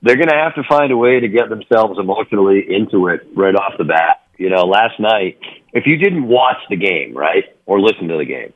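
A man's voice: fairly low pitch, lively intonation, brisk, phone-quality sound. A man, a hockey broadcaster, chatting by phone on a sports radio show, rambling with many fillers and restarts.

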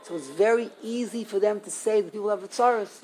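A man's voice: high voice, a little fast, darkish tone, poor audio. Older guy giving a torah class, keeps repeating himself, worked up, faint noise behind. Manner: emphatic, repetitive, indignant. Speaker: Torah teacher.

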